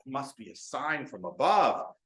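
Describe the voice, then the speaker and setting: A man's voice: medium pitch, very animated, normal speed, fairly bright tone. A man voicing a hopeful gambler in a joke, musing to himself. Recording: roomy echo.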